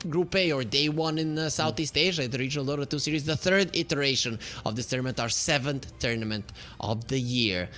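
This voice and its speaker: A man casting an esports match with his co-caster, his pitch climbing high during exciting plays. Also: fairly quick, few pauses. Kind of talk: play-by-play commentary.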